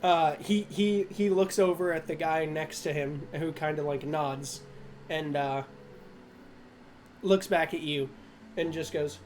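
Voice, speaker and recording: Rambling game master full of fillers. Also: male voice, on the high side, takes it slowly, a little mellow, a little hiss or hum. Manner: rambling, many fillers and restarts, laughs at himself. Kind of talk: narrating a tabletop game.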